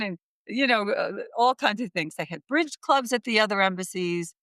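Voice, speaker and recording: An American woman, a podcast guest and author, tells a personal story in a lively way. She acts out remembered conversations and often restarts her sentences. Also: fairly high pitch, moderate pace, hardly any pauses, no room sound. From United States. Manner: animated storytelling, acting out remembered dialogue with restarts.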